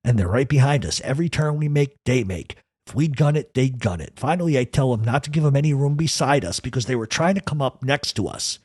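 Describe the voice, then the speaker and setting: A man with a husky, slightly rough voice recounts a true crime story in first person. He talks with intensity and peppers nearly every line with profanity. The recording is dry and close, with no room sound. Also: medium pitch, lively intonation, a little mellow, no room sound. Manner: profane, intense, rapid retelling.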